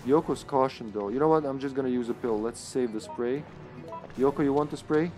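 A man giving casual live commentary while playing an online co-op game, thinking aloud and laughing, with sudden excited outbursts. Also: mid-range voice, fairly quick, faint music behind.

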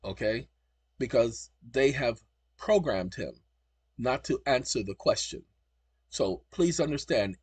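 A man hosts his channel with commentary over a screen recording, lecturing combatively and spelling words out letter by letter. His mid-range voice has a breathy edge, with no echo.

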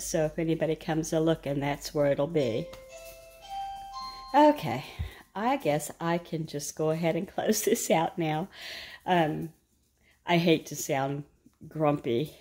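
Woman vlogger, middle-aged, slightly low voice, chatty, laughs a lot. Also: darkish tone. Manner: chatty, rambling storyteller who laughs often. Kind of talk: casual chat while cooking.

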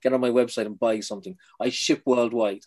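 A man from Ireland, a poet, chatting in an interview, quick and self-deprecating, trailing off softly. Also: mid-range voice, steady tone, a little hiss or hum. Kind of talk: casual interview chat.

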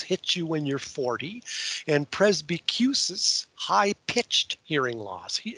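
A man's voice: on the high side, bright, forceful tone, no echo. A man with a Canadian accent giving a webinar presentation as guest speaker, folksy, with joking asides.

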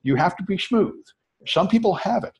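A male college instructor giving a lively classroom lecture, talking to students with quick asides. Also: sits high, breathy edge. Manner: animated, talks fast to students with asides.

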